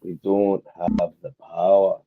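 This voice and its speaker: A man's voice: low-pitched, flat delivery, slow, phone-quality sound, a little hiss or hum. A man co-hosting a livestream, chatting casually, swearing a lot and telling crude jokes. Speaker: livestream co-host. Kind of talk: casual chat.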